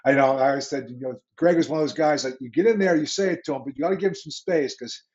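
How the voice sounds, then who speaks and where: A man's voice: fairly high pitch, fast, lo-fi sound. A man in his sixties with a Pittsburgh accent, a former football coach telling stories in an interview and acting out the conversations he recalls. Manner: animated anecdotes, acts out quoted exchanges. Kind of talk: storytelling interview.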